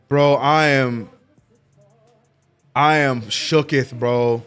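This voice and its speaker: A man hosting a live sports watch-along, chatting casually and excitably with lots of slang and repeated "bro". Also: mid-range voice, slow, clean tone, faint music behind. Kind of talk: casual live-stream chat.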